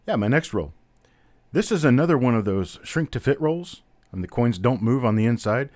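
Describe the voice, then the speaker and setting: Guy running a live coin auction on stream, mid pitch, dry close sound, rattles off bids and prices. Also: lively intonation, moderate pace, a little mellow, no room sound. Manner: chatty, calls out bidders and prices. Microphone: webcam on a stand.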